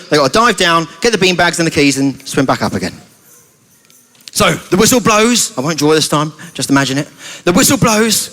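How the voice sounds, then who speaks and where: Animated man telling a children's story. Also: a little high.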